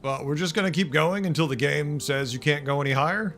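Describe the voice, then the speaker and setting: A man's voice: fairly high pitch, fairly quick, a bit bright, faint music behind. A man with a Boston accent streaming a building game, chatting casually with viewers. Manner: chatty, talks to chat viewers. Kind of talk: casual livestream chat.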